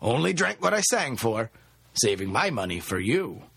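A man's voice: mid-range voice, sing-song, normal speed, creaky, a bit bright, slightly rough, full character voice. A man voicing a cheeky young working man who talks with an impish lilt.

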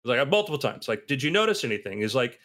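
Animated, bright-voiced man telling stories. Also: rapid-fire. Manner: animated storyteller, acts out quotes with big pitch swings. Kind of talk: casual conversation.

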